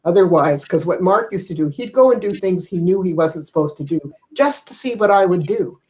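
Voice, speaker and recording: An older woman with a lowish, slightly mellow voice tells family stories over a video call in a brisk, animated way. She wanders loosely, laughs softly between thoughts, and relies on many fillers; the audio quality is poor.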